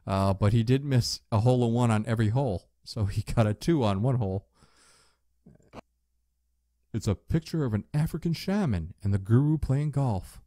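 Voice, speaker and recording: A man casually commenting as he plays an old adventure game, relaxed and chatty, with jokey asides. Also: medium pitch, normal speed, dry recording, clean studio sound. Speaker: let's play host.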